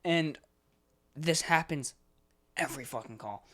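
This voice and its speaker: Measured in pace, with a voice that runs a little high, this young podcast co-host rants through casual conversation. He swears heavily and animatedly acts out exasperated phone calls.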